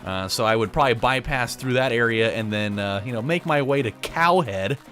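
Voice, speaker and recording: A man's voice: medium pitch, normal speed, a bit bright, faint music behind. A man casually riffing and joking as he plays a video game, rambling and laughing at his own lines. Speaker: gaming channel host. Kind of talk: casual let's play commentary.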